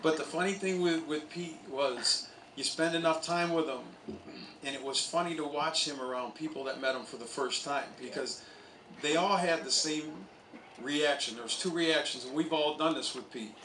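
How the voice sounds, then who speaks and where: A man's voice: a little high, normal speed, bright, forceful tone, reverberant, recorded from a distance, slight background noise, poor audio. A man, a college soccer coach, telling stories at an outdoor memorial speech. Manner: anecdotal storytelling, with chuckles. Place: outdoor stadium.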